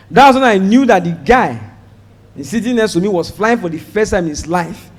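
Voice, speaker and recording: High-voiced Nigerian stand-up comedian. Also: male voice, a little slow, husky. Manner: animated storytelling, mixing in pidgin. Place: live comedy show before an audience. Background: audience laughter.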